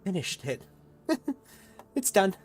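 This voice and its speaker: A man's voice: high voice, very animated, slow, husky, pitched above the performer's own voice, full character voice. A man voicing a crazed, reclusive man obsessed with magic ink, with an eerie, breathless way of talking. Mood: ecstatic.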